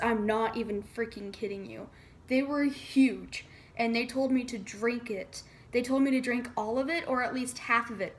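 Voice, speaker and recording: A teenage girl in high school chatting casually to camera, retelling a story with lots of "like" and acted-out quotes. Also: slight background noise. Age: teens. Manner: chatty, says "like" a lot, dramatic retelling. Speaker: vlogger.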